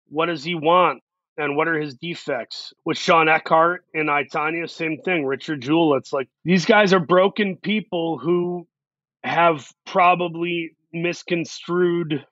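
A man's voice: a little high, a bit bright, dry recording, muffled recording. A man talking in a casual interview, earnest and reflective, working through his ideas in long, run-on thoughts. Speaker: actor, guest.

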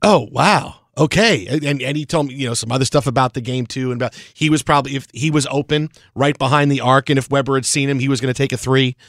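A middle-aged man co-hosting a sports radio show, telling a story in an animated, lively way. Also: mid-range voice, quick pace, hardly any pauses, no echo, studio quality. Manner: animated storyteller, acts out quotes. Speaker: radio co-host. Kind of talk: casual sports radio chat.

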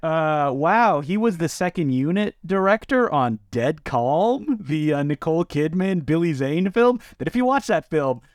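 A man co-hosting a podcast, chatting casually about films with wry, animated asides. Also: on the high side, a little slow, hardly any pauses, dry recording, studio quality. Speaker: podcast co-host. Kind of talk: casual film discussion.

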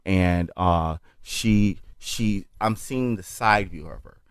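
A man, a comedian guest, telling a story in casual chat, animated and profane, acting out what others said. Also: deep voice, slow, clear, resonant tone, no room sound, clean studio sound. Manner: animated, profane, acts out quotes.

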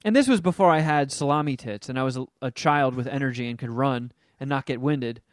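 Animated, profane man with a smooth voice. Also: medium pitch, brisk, no echo, studio quality. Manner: profane, animated, does mocking voices in quotes. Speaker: podcast co-host reviewing a movie. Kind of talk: casual chat.

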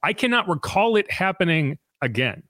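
Brisk man hosting a sports podcast, dry sound. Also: high-pitched, big pitch swings, a bit bright, no echo. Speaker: podcast host.

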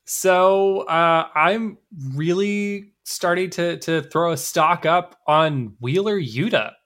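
A man co-hosting a podcast, with a bright, forceful voice. His delivery is wry and sardonic, casual and opinionated. He pitches in with quick, confident takes. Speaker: podcast co-host. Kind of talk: casual chat.

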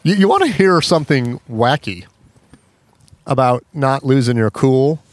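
A man hosting a casual podcast, telling stories in an animated way and acting out the people in them. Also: medium pitch, measured pace. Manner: animated storyteller, acts out quoted people. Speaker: podcast host. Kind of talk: casual storytelling chat.

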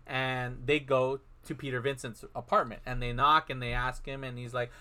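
A man's voice: medium pitch, little pitch movement, normal speed, bright, forceful tone. A man co-hosting a podcast, casually recapping a film and acting out the characters' lines as he goes. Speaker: podcast co-host.

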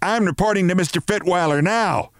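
A man's voice: a little high, sing-song, measured pace, no room sound, studio quality, voice pushed up. A man voicing a haughty, brash middle-aged office woman who scolds shrilly. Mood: indignant.

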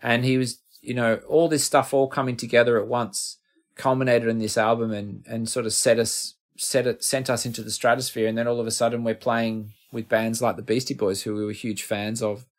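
A man's voice: mid-range voice, level tone, a little fast. A middle-aged man with an Australian accent, a guest musician telling rambling, self-deprecating stories in a casual interview.

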